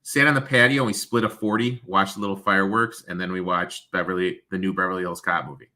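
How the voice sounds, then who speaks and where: A man from the United States hosts a casual sports betting show. His low voice has a bright, forward edge. He chats loosely and reels off baseball numbers. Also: steady tone, quick pace. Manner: loose, chatty, rattles off stats.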